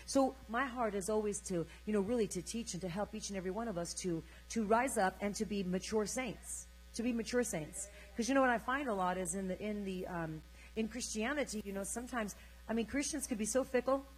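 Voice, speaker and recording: An older woman preacher delivering an energetic sermon, urging the congregation to repeat her words. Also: medium pitch, brisk, breathy edge, faint music behind, rough recording.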